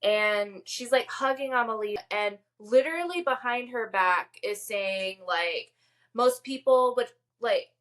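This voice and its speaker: A woman's voice: on the high side, unhurried, fairly bright tone. A woman co-hosting a podcast, recapping a TV episode in casual, enthusiastic chat with many filler words. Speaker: podcast co-host.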